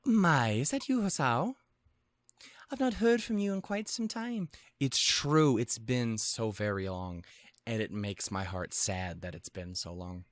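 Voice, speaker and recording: A man voicing a refined, soft-spoken young woman in a put-on Scottish accent. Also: medium pitch, animated, measured pace, no room sound, natural voice. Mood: teasing.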